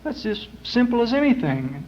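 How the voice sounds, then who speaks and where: A man's voice: very high-pitched, big pitch swings, moderate pace, a little hiss or hum, voice pushed up. A man putting on an eager, impressed man who marvels at what he sees, heard on a muffled 1960s live recording. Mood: amazed. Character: wide-eyed impressed man, high excited voice.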